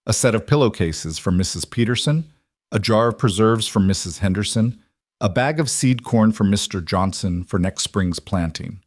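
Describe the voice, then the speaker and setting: Low-voiced man narrating a calm story. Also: no room sound, studio quality. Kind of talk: scripted narration.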